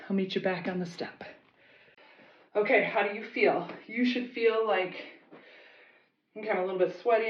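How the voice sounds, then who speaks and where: Woman coaching a workout in a roomy space. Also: mid-range voice. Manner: encouraging, gives short commands. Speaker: fitness instructor. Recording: dull roomy sound, mic at a distance.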